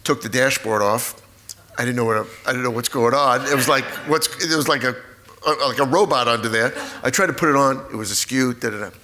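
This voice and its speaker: A man in his sixties, a guest author in a live stage conversation, telling family stories with lively acted-out moments. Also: mid-range voice, brisk. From United States. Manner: animated storyteller, acts out family scenes. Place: auditorium stage before an audience.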